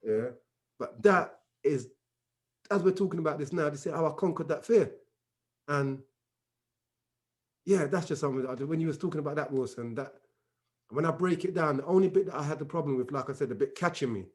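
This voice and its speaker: Man, fairly high voice, animated storyteller, acts out dialogue, casual chat. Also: fairly quick, long pauses. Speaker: regular discussion member.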